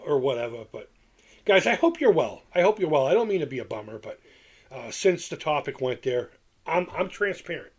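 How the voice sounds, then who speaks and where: A middle-aged man with a husky, medium-pitched voice hosts a casual livestream. He reads chat and rambles candidly, frequently repeating himself and restarting sentences.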